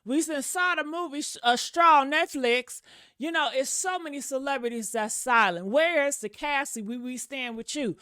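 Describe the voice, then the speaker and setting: A woman hosting a gossip vlog, sassy and animated as she talks straight to her viewers. Her voice is bright, smooth and a little high, and it is recorded close and dry. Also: moderate pace, no room sound. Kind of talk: casual commentary.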